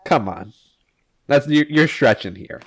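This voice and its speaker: A man's voice: mid-range voice, animated, unhurried. Rambling man recapping comics. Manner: rambling, filler-heavy, profane. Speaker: podcast host. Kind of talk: casual comic recap chat.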